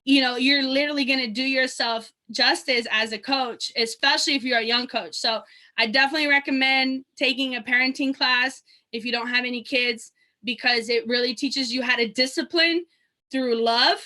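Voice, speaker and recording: Woman basketball coach, bright and forceful, casual panel talk. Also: high-pitched, steady tone, moderate pace. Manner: conversational, many fillers. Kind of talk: panel discussion.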